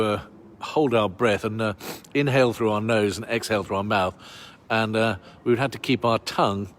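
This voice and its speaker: A man with a received pronunciation English accent and a lowish voice leads a walking tour outdoors on a cold town street. He talks to a handheld camera in a loose, rambling way, full of fillers and dry little jokes. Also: slight background noise. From Bristol, England. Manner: chatty, rambling, many uh fillers, wry asides. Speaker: tour guide.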